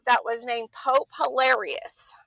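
A woman's voice: on the high side, fairly even intonation, takes it slowly, vocal fry, bright, forceful tone, no echo. A woman chatting as a podcast guest, playful and giggly. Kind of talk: casual chat.

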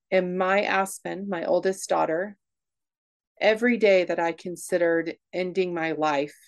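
Woman, personal story, candid, emotional, quick bursts, frequent restarts, interview guest. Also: on the low side, darkish tone.

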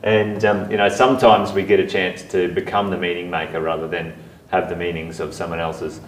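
A man's voice: low voice, flat delivery, brisk, slight background noise. A man hosting a podcast interview, talking casually with many fillers. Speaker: podcast host. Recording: roomy sound, heard from a distance.

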